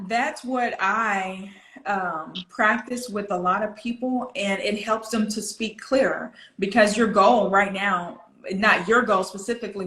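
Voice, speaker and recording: An American pronunciation coach speaks over a video call, her medium-pitched voice a bit bright and reverberant. She patiently explains and demonstrates phrasing in what amounts to online coaching.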